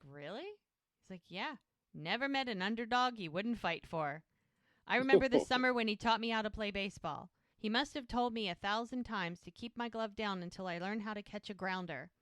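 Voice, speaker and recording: A woman's voice: mid-range voice, a bit bright, no echo, clean studio sound. A woman co-hosting a podcast, casually retelling TV scenes and acting out the characters' lines. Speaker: podcast co-host. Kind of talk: casual recap chat.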